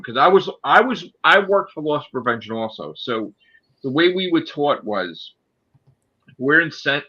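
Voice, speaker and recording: A man's voice: mid-range voice, pushed and bright. A man telling a work story in a casual, profane and heated rant. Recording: dull lo-fi audio.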